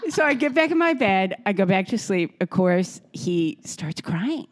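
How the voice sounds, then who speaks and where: A middle-aged woman co-hosting a podcast from a home kitchen, telling stories casually with lively energy and frequent laughter. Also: mid-range voice, measured pace. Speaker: podcast co-host. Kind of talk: casual storytelling.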